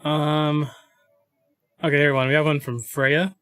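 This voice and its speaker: A man's voice: on the high side, level tone, unhurried, fairly bright tone, smooth, dry recording. A man co-hosting a casual advice livestream, reading questions and giving earnest, rambling advice.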